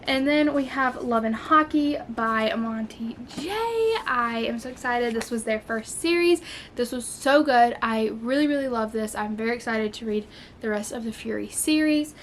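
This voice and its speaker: A woman in a casual book vlog, talking in a gushing, excitable way with plenty of fillers. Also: fairly high pitch, unhurried, slight background noise. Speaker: book vlogger. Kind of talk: casual chat.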